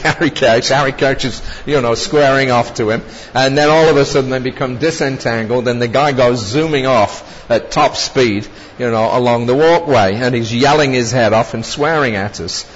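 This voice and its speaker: A man's voice: mid-range voice, normal speed. A man recounting personal travel anecdotes in a rambling storytelling way, often chuckling and adding asides. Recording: dull lo-fi recording with long reverb and faint noise.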